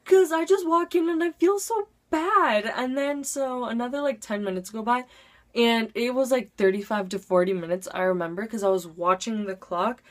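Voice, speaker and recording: A woman's voice: on the high side, moderate pace. A teenage girl telling a storytime vlog story. She talks in a chatty, breathless rush, fills it with "like", and jumps into dramatic voices for the big moments. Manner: dramatic voice swings into acted quotes. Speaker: vlogger.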